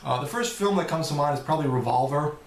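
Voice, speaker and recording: A man's voice: on the high side, expressive, fast, a little hiss or hum. Rambling man in an echoey room. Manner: rambling and loose, with frequent swearing. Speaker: vlogger answering viewer questions. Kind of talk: casual Q&A vlog.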